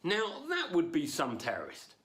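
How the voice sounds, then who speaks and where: A man performing a stand-up comedy routine online, jumping between loud punchlines and low asides. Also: wildly swooping pitch, moderate pace.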